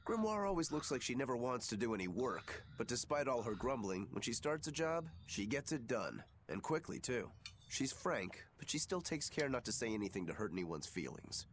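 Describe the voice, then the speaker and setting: An easygoing, courteous male swordsman, played by an actor, relaxed and polite. His intonation rises and falls freely. A faint noise runs behind the game dialogue. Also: medium pitch, moderate pace, close to an everyday voice.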